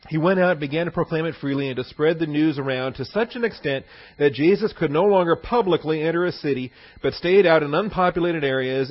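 A middle-aged pastor teaching a sermon in a conversational, digressive way, with anecdotes and chuckles. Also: male voice, on the high side. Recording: slightly dull lo-fi sermon recording.

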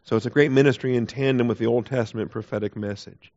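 A man's voice: medium pitch, fairly even intonation, quick pace, darkish tone. A man teaching a Bible class in an emphatic way, repeating key phrases and putting rhetorical questions to his listeners. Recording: dull lo-fi recording.

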